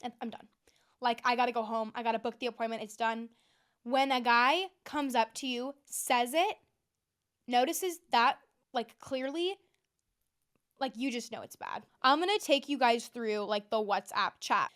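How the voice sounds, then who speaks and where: A young woman in her twenties, a podcast host telling a story in a chatty, animated way with lots of fillers. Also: fairly high pitch, moderate pace, clear, resonant tone. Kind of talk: casual storytelling monologue.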